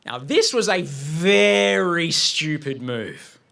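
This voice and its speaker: A man's voice: a little high, animated, slow pace, creaky, sharp tone. A man speaking to an audience, telling a personal story vividly and acting out his own panic. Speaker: guest speaker. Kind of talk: personal story told on stage.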